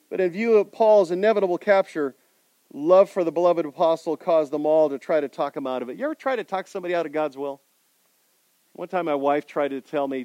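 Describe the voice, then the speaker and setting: A man preaching a sermon, putting rhetorical questions to his congregation and swinging between loud emphasis and quiet intensity. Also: a little high, fairly quick, dry recording. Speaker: pastor.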